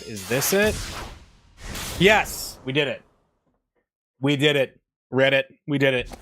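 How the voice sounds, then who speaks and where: A man's voice: mid-range voice, a bit bright, a little hiss or hum. A man playing a visual novel, reading the story aloud with amused, chuckling commentary. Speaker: let's play gamer.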